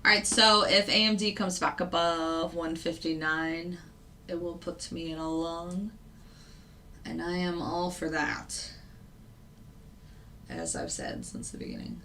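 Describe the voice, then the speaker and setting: A woman's voice: lowish voice, animated, a little slow, pauses often, pushed and bright, a little hiss or hum. A woman trader giving casual live commentary on the markets, thinking aloud with fillers and the odd laugh. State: hiccups. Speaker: futures day trader and channel host.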